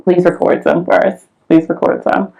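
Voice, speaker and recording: This podcast co-host is a woman with a lowish, gravelly voice at normal speed, telling stories in casual chat. She's an animated storyteller who acts out quotes, and the sound is lo-fi.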